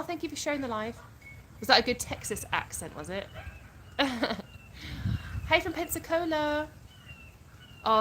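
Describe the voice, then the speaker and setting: A woman's voice: fairly high pitch, fairly bright tone, rough recording. A woman, hosting a casual livestream at home and chatting through viewer comments as she reads them out. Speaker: livestream host. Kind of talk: casual live chat. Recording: clear background noise with clicks.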